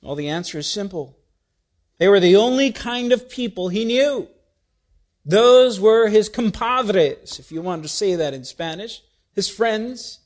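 A man preaching a sermon, reading scripture and asking his congregation rhetorical questions with wide swings in loudness. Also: high-pitched, lively intonation, measured pace.

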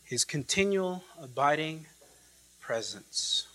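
A man preaching an expository sermon, emphatic and repetitive, swinging from loud declarations to hushed lines and drawing out quoted scripture and Greek words. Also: a little high, very animated, takes it slowly, rough recording.

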